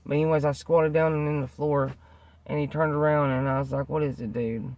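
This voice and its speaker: A vlogger earnestly tells the camera a rambling personal story, repeating himself and leaning on lots of fillers. His voice is a little high, level in tone, brisk and a little mellow, with no echo.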